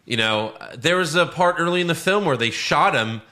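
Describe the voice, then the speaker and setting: Guy ranting about a movie, swears a lot, voice shoots up high when he's mad, bright tone. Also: animated, normal speed. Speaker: podcast co-host. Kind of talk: casual movie review chat.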